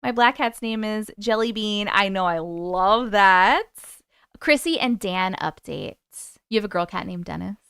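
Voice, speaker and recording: A woman's voice: medium pitch, animated, a little slow, vocal fry, a bit bright, smooth, no room sound, studio quality. A young adult woman hosting a live stream, chatting casually and laughing as she reads viewers' comments aloud. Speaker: YouTube live host.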